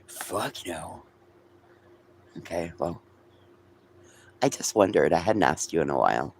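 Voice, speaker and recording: A man's voice: sits low, expressive, unhurried, slight background noise. A man hosting a casual livestream, chatting with viewers in a rambling, chatty way and swearing freely. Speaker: livestream host.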